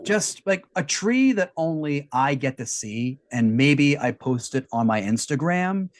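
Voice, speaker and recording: A man's voice: fairly high pitch, animated, a little slow, a little hiss or hum. A man hosting a comedy panel show on a video call, wry and self-deprecating. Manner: wry, self-deprecating, drops into scripted segment intros. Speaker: host. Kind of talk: casual comedic chat. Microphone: video call mic.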